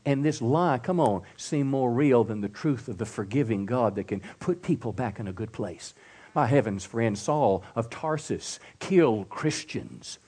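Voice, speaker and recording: A middle-aged male pastor in mid-sermon with a middle-pitched voice, pressing his points with emphatic call-outs. He drops to a hushed, slow delivery for his stories before building back up. The sermon is delivered at a church service. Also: animated, husky.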